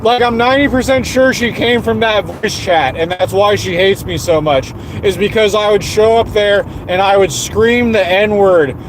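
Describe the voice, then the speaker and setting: A man's voice: high-pitched, a little hiss or hum. A man streaming an angry, profane, repetitive rant. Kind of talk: angry ranting monologue.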